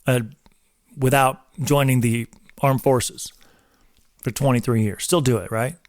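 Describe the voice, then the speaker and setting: A host in his forties gives an emphatic, drill-instructor-style talk on faith and marriage, preaching casually like a coach. His medium-pitched voice is steady and a little slow, and the studio-quality recording has no echo.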